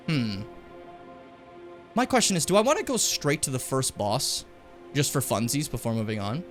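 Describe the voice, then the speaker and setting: Animated swearing male game streamer. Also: mid-range voice, normal speed, pauses often, soft background music. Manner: animated, swearing, ranting loudly then muttering. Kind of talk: casual gaming stream chat and rant.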